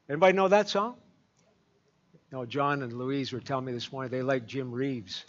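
A man's voice: mid-range voice, fairly quick. A man preaching a sermon as pastor, folksy and rambling, with many fillers and restarts. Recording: dull lo-fi recording.

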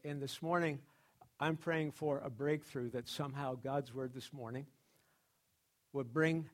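A man preaching a sermon as pastor, rambling with many restarts and fillers, and acting out quoted people in a higher, louder voice.

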